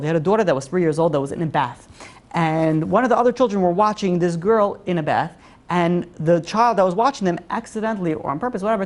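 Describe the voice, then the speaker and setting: A woman teaching a religious class, telling stories in a lively way with many "you know, like" fillers and acted-out quotes. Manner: animated storyteller, acts out quotes with big pitch jumps. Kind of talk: religious lesson storytelling.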